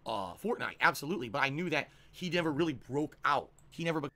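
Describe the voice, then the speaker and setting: Fast, bright-voiced man streamer ranting. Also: a little high, animated. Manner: emphatic, defiant, rambling. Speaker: game streamer. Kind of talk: live-stream chat.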